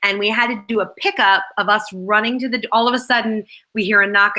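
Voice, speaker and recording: Woman guest, actress, rambling storyteller, bright voice. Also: mid-range voice, steady tone, fast, rough recording. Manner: rambling behind-the-scenes storytelling. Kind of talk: casual chat.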